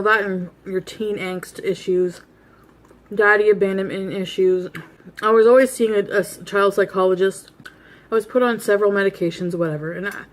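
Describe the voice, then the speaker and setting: Blunt woman telling a story while eating. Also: mid-range voice. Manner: blunt, rambling, laughs at herself. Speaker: vlogger. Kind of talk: casual storytelling.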